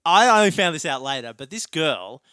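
A man's voice: on the high side, a little fast, clear, resonant tone, dry recording, studio quality. A man chatting casually as a podcast co-host, telling a story and laughing through it. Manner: animated, laughs through his own story.

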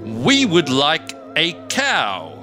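A drunk little green Martian slurs out his words slowly and solemnly, as a man puts him on. His voice rides up high and lively over music playing in the background. He sounds tipsy and keeps trying to be formal. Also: exaggerated voice. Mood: slurring. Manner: slow, slurred, solemn.

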